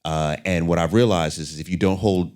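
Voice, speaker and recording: A middle-aged man talking candidly as an interview guest, an animated storyteller. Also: deep voice, fairly quick. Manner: animated storyteller, acts out voices in anecdotes.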